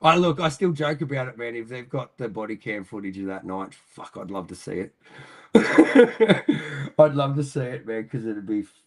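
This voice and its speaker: A man's voice: mid-range voice, very animated, normal speed. Profane, rambling Australian man. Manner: profane, rambling, laughs often. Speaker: podcast guest. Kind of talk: casual storytelling.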